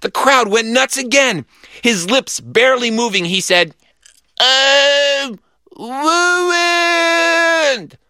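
A man reading a children's story aloud in a lively, animated way. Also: very high voice, normal speed, no echo, studio quality.

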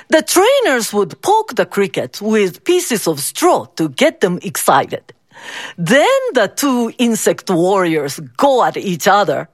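A woman's voice: mid-range voice, no echo, studio quality. A woman narrating a folk tale expressively to listeners. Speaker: storyteller. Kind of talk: storytelling narration.

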